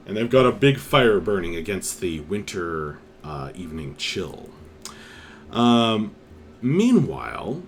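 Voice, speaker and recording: Game master, man, low and lively in pitch, slow, hesitant narration. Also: a little hiss or hum. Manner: unhurried, lots of fillers and restarts.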